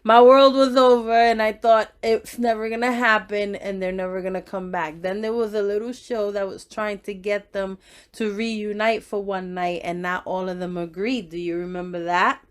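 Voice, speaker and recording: A woman's voice: mid-range voice, level tone, normal speed, smooth. A woman hosting a casual interview, drawing her guest out with leading, coaxing questions.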